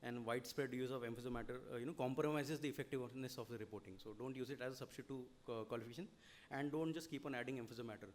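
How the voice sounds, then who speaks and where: With slight background noise, a medium-pitched man with an Indian English accent gives a seminar lecture on audit reporting. He explains at length at a rapid pace, often dropping in "you know" and checking with "okay?".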